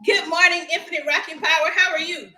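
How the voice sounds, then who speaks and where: A woman's voice: extremely high pitch, fairly even intonation, fast talker, sharp tone, echoey room, poor audio. A woman, hosting a casual live motivational chat, upbeat and laughing often as she talks to viewers. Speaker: livestream host.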